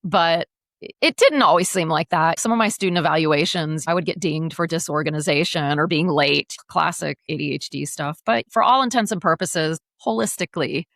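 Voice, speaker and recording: Woman in her 40s guesting on a podcast, low gravelly voice, dry close sound, blunt and sweary. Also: moderate pace, dry recording. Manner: frank and profane, animated storyteller. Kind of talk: candid casual interview.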